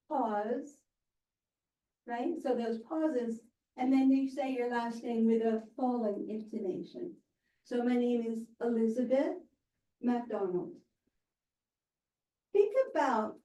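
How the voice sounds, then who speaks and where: A woman presentation-skills instructor coaching a class in a demonstrative, animated way, often checking in with "right?". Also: on the high side. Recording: roomy sound from a distant mic.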